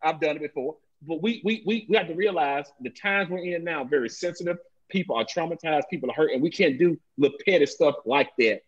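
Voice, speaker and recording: Husky, emphatic man on a dull recording. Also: fairly high pitch, brisk, few pauses. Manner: emphatic storytelling with repeated phrases. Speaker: police officer guest. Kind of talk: candid panel discussion. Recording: dull lo-fi audio.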